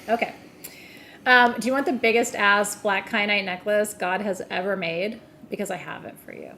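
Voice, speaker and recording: A woman's voice: mid-range voice, slight background noise. A woman hosting a live gem sale, chatting casually and telling funny stories as she sells. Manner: animated, joking storyteller, laughs often. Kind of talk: casual chat and product selling.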